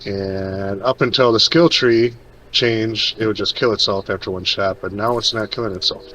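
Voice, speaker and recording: A man's voice: fairly low pitch, steady tone, normal speed, pushed and bright, rough recording. A man on a voice chat, casually explaining game tactics to teammates. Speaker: teammate giving build advice.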